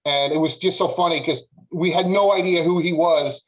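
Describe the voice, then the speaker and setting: Higher-pitched male panelist, rambling, animated storytelling. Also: normal speed, poor audio. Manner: animated, lots of filler words. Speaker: podcast panelist. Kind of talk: casual storytelling.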